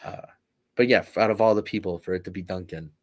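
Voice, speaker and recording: Male podcast co-host, lowish voice, loose rambling delivery full of filler "like", chuckles through anecdotes. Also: fast. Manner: rambling, heavy use of "like", laughs at his own stories. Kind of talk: casual sports chat.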